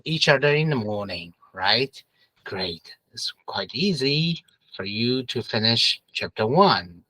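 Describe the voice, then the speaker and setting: A man's voice: on the high side, a bit bright, dry recording, rough recording. A man teaching an English review lesson, patiently repeating questions and prompting students to answer together.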